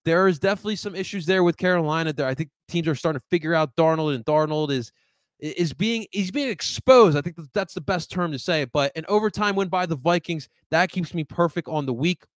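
Slightly high-voiced guy doing a live sports stream, hyped shout-outs then low mumbles, dry close sound. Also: a little fast, no room sound. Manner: animated, swings from loud greetings to low asides; rambling with frequent restarts. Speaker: sports show host reading live chat.

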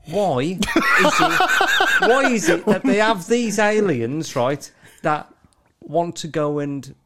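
A man with a high, animated voice that swings widely as he rants and jokes. He swears freely, laughs often and slips into quick mimicked voices during casual podcast banter. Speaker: podcast co-host. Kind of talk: casual chat.

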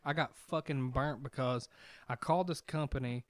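A man co-hosting a podcast, telling a story in a loud, profane, laughing way and mimicking the people in it. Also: mid-range voice, steady tone, moderate pace. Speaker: podcast co-host. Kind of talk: casual storytelling chat.

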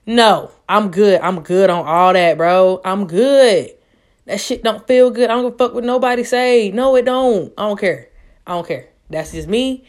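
A young woman in her twenties talks straight to her viewers in a loose storytime monologue. She is loud and profane, and she keeps leaping up into high-pitched squeals for emphasis. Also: normal speed. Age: 20s. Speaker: vlogger.

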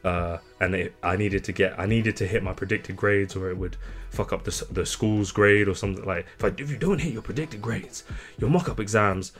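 A man's voice: lowish voice, fairly quick, faint music behind. A young man co-hosting a podcast, telling a story in casual chat with lots of swearing. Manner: animated, swears a lot. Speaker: podcast co-host.

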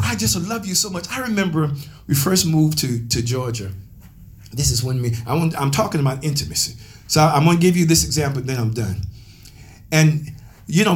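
A man pastor telling a story in a sermon, animated and laughing as he calls out to his members. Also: fairly high pitch.

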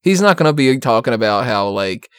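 A man's voice: medium pitch, big pitch swings, brisk, smooth, dry recording, clean studio sound. A man in casual wrestling podcast chat, rambling and profane, laughing often.

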